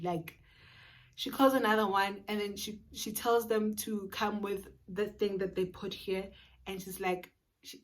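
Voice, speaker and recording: A woman with a South African accent telling a personal story for her storytime vlog, earnest and full of emphatic repetition. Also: mid-range voice. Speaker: vlogger.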